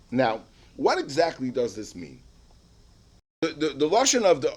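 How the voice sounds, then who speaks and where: A man with a Yeshivish English accent teaching a Talmud lesson, halting with many restarts and repeated words, rising loud when he explains. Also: mid-range voice.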